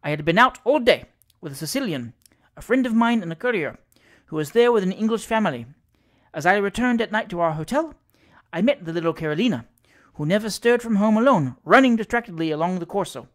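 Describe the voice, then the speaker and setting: A reader narrating a classic ghost story aloud in a measured storytelling manner. The voice sits in a middle range. The delivery is steady and unhurried. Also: medium pitch. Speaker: audiobook reader. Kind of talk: classic fiction read aloud.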